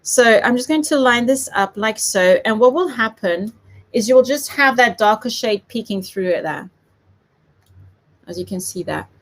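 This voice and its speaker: A woman's voice: a little high, animated, moderate pace, a bit bright. Chatty woman, light South African accent. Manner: chatty, giggly, self-deprecating. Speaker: papercraft demonstrator. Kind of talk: chatty live craft tutorial.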